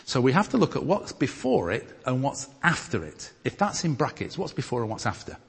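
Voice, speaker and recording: Man, preacher, from northern England, husky, lively pitch, church hall with long reverb. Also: a little fast. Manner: animated, reads scripture with rising emphasis. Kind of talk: teaching sermon with group discussion.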